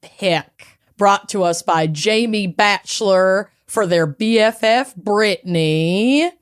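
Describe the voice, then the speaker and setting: A woman's voice: mid-range voice, slow, clear, resonant tone. A woman co-hosting a casual podcast, joking and teasing her friend. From Minnesota. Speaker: podcast co-host. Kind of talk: casual chat.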